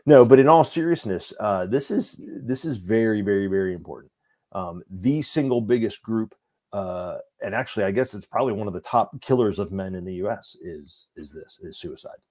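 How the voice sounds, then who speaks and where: A man's voice: fairly low pitch, animated, normal speed, dark tone. A man who is a guest on a podcast and talks earnestly, mixing serious points with teasing jokes. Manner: earnest, many fillers and restarts, self-mocking jokes. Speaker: guest, organization leader. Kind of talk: casual podcast chat.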